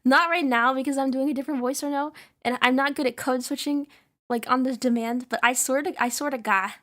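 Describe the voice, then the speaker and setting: A woman's voice: high voice, fast. A young woman streamer in casual chat, ranting with lots of swearing and laughter. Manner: profane, animated ranting with frequent laughs.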